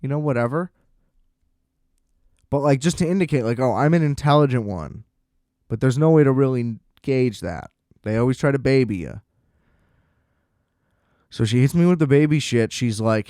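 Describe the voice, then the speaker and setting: A man's voice: medium pitch, moderate pace, long pauses, dark tone, no echo, clean studio sound. Profane, exasperated man ranting on a podcast. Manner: exasperated, profane ranting with sarcastic quoted exchanges. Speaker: podcast host. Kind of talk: solo ranting monologue.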